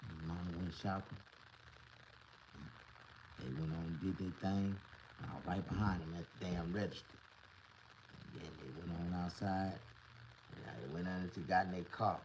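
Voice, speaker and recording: A man vlogging to camera, telling a comedic story in a profane, boastful, animated way. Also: sits low, moderate pace, long pauses, a little hiss or hum, poor audio.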